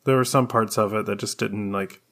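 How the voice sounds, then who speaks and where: Gravelly, rambling podcast man. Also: fairly low pitch, moderate pace. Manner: relaxed, rambling, filler-heavy. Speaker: podcast co-host. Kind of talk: casual chat.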